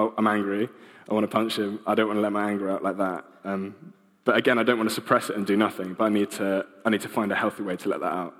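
A man's voice: on the low side, fairly bright tone, in a large hall. A young man giving an informal sermon, casual and hesitant, with many ums and restarts. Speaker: preacher.

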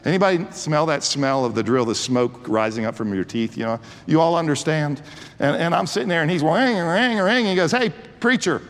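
A man's voice: fairly high pitch, expressive, a little fast. Older preacher man in a reverberant church. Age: 60s. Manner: preaching with rising fervor and frequent restarts. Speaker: pastor. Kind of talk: sermon.

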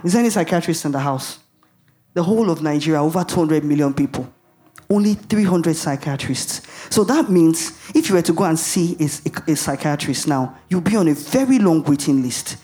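A woman's voice: lowish voice, expressive, a little fast, mellow, faint music behind. A woman preaching a sermon in an emphatic way, asking the audience rhetorical questions and laughing at herself.

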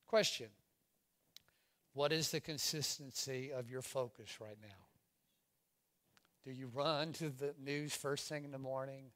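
A middle-aged pastor from Louisiana preaching a sermon, swinging from loud exclamations to hushed asides. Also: male voice, a little high, unhurried, pauses often.

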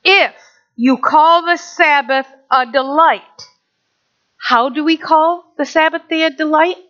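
Middle-aged lady pastor preaching, high bright voice, lots of asides n questions, kinda dull lo-fi sound. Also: takes it slowly. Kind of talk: sermon. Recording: dull lo-fi recording.

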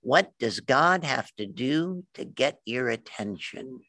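A man imitating an old male pastor's slow, drawn-out way of preaching. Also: mid-range voice, expressive, pushed and bright, no room sound, heavily acted. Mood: solemn. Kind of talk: sermon.

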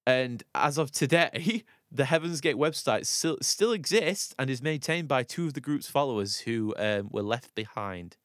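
A man's voice: medium pitch, expressive, normal speed, few pauses, a bit bright, dry recording, studio quality. A young man telling a story in casual chat as a podcast co-host, rambling and laughing with many restarts.

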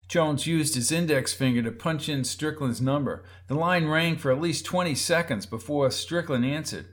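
A man with a somewhat high voice narrates a crime story at a steady, measured pace. For the characters' lines he changes his pitch and loudness, so each one sounds a little different. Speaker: audiobook narrator.

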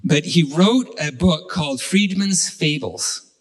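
Halting, slightly high-voiced male pastor. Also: animated, poor audio. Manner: halting, with many restarts and fillers. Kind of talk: sermon storytelling.

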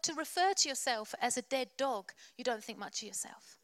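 A woman's voice: high voice, lively intonation, moderate pace, hardly any pauses, fairly bright tone, no echo. A woman preacher delivering a sermon in church, passionate and exhorting, with playful asides.

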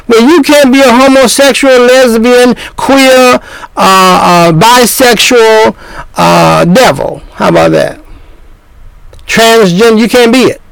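A man's voice: high-pitched, slow pace, gravelly, clean tone, no echo, low-quality recording. An older man preaching a sermon, scolding his listeners with repeated points and rhetorical questions.

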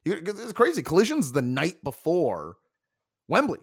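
A man's voice: on the high side, wildly swooping pitch, normal speed, husky, no room sound, studio quality. A man hosting a wrestling review podcast, talkative and joking in casual chat. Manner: talkative, joking, plugs the channel.

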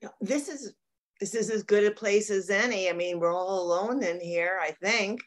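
A woman's voice: mid-range voice, moderate pace, close to an everyday voice. A woman playing a sincere partner in an improvised comedy scene who airs small grievances. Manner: earnest, then pointedly complaining. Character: earnest woman giving a keepsake, passive-aggressive.

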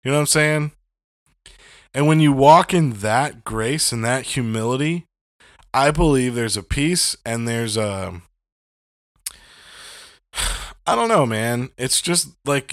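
A man's voice: mid-range voice, no echo, studio quality. A man in a casual faith chat, talking bluntly and heatedly with lots of swearing and fillers. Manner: blunt, profane and heated, rambling with many fillers.

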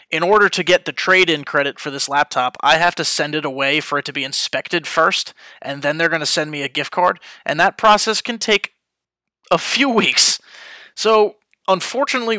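A man's voice: on the high side, sharp tone, dry recording. A young man hosting a podcast, chatting off the cuff with lots of fillers. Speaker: podcast host. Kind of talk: casual podcast chat. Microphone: headphones and studio mic.

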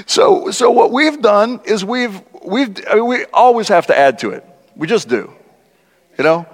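A man preaching a conversational sermon as a guest speaker, animated and laughing often, acting out the lines he quotes. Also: high voice, unhurried. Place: large church. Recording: church hall with long reverb.

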